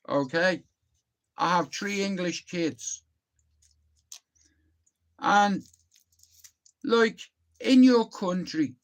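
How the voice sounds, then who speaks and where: A man's voice: high-pitched, creaky, a bit bright. A middle-aged man with a Northern Irish accent ranting on his live stream, rambling, heated and swearing often into a phone. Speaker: livestreamer.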